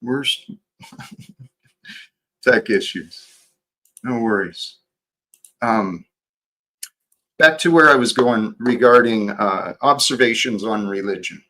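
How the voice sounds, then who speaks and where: Man, livestream host, slow unhurried delivery, bright tone, reflective. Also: on the low side. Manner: slow, reflective, halting with restarts. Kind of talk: casual livestream chat.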